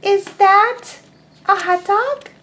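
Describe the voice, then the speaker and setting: A woman's voice: extremely high pitch, takes it slowly, sharp tone, pitched above the performer's own voice, exaggerated voice. A woman voicing a cute, curious little duckling in a picture book, asking polite questions in a sweet voice.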